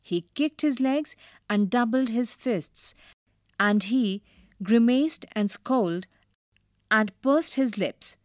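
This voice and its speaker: A woman teacher reading a storybook aloud and explaining new words slowly and carefully. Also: on the high side, no echo, clean studio sound. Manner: slow, careful and expressive.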